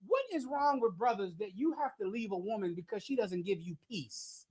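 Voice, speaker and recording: A man's voice: high voice, moderate pace, darkish tone, husky. A man leading a scripture class, preaching in a brash, joking way with lots of rhetorical questions, often laughing at his own jokes. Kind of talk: provocative preaching to a live chat.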